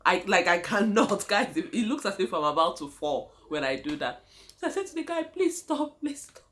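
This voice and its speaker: Lively Nigerian woman telling a story. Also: on the low side, a little fast. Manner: animated, laughing often, addresses viewers as guys. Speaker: vlogger. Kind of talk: casual storytelling.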